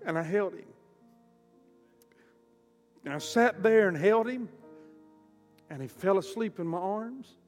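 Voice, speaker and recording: A man preaching a storytelling sermon, impassioned and surging from quiet to loud. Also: high voice, lively intonation, slow pace, pauses often. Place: church auditorium. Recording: reverberant hall with soft music.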